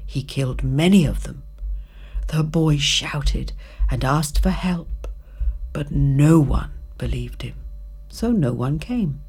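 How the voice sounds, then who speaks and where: A woman narrating a children's story with an expressive, drawn-out reading. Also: deep voice, slightly rough.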